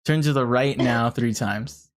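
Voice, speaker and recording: With a medium-pitched voice and a measured pace, a streamer narrates a puzzle game out loud in casual live commentary. Frustration often spills over into swearing.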